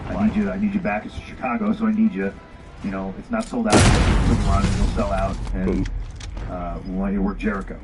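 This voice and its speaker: On a rough recording, a man with a lowish voice, a former pro wrestler, recounts a story in a casual, candid way. He doesn't soften anything, curses often, and voices both sides of old exchanges.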